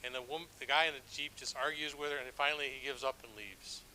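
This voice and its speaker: A man's voice: medium pitch, fairly even intonation, quick pace, sharp tone, a little hiss or hum, poor audio. A middle-aged man, a church elder, preaching a sermon with stories in a conversational, self-deprecating way, with frequent restarts. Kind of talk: sermon with storytelling.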